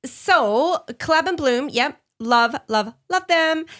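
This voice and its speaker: A woman's voice: high voice, animated, slow, a bit bright. A young woman co-hosting a podcast, chatting casually and teasing her friend with frequent giggles. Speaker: podcast co-host. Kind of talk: casual chat.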